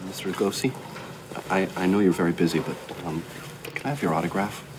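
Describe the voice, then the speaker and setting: A man's voice: sits low, fairly even intonation, fairly quick, background noise, natural voice. An actor playing a polite young male fan who fawningly asks an old star for an autograph in a film scene.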